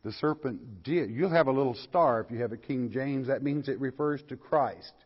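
Older pastor with a folksy teaching manner, a bit husky, lo-fi hall recording. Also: male voice, mid-range voice, moderate pace. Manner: folksy, questioning the listeners and reading scripture aloud. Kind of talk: verse-by-verse Bible lecture.

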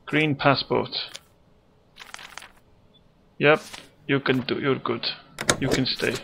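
A man's voice: medium pitch, fairly even intonation, slow pace, creaky, noisy background. A man hosting a let's play, chatting casually and jokily while reading game text aloud as he plays. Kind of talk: casual gameplay commentary. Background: game music.

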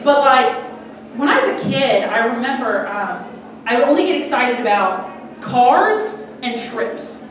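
A woman's voice: fairly high pitch, animated, a little slow. A young woman doing a stand-up comedy set in a small restaurant, chatty and giggly, swearing freely. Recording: echoey room, mic from far off, crowd noise. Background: audience reacting.

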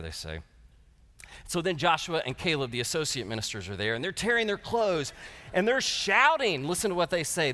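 Animated male preacher in a reverberant hall. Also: fairly high pitch, normal speed, pauses often. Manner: animated, with humorous asides. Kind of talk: sermon at a lectureship.

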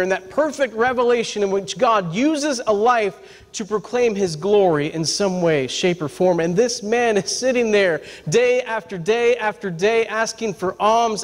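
A male pastor with a high voice delivers a lively, humorous sermon, often stopping to ask his congregation for an "amen". His voice carries a long reverb from a large church sanctuary. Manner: lively, talks straight to the congregation with repeated "amen?" and "right?"; humorous, folksy storytelling.

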